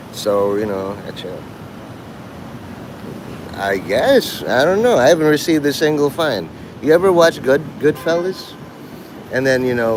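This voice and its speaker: A man talking casually on a livestream while walking outdoors, rambling and joking and mimicking others in quick quoted voices. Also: mid-range voice, noisy background.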